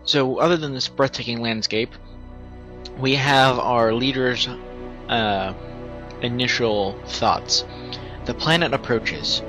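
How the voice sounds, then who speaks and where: Bright-voiced gamer thinking aloud. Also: male voice, mid-range voice, takes it slowly, long pauses, highs cut off, faint music behind. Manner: rambling, self-correcting, thinking aloud. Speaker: gamer commentating a playthrough. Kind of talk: casual game commentary.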